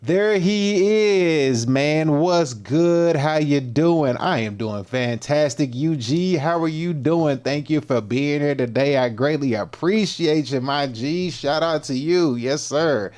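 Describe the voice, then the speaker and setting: A man's voice: on the high side, a little slow, few pauses, darkish tone. Laid-back slangy man streaming. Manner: laid-back, slangy, greets viewers by name. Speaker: fitness livestream host. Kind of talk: casual livestream chat.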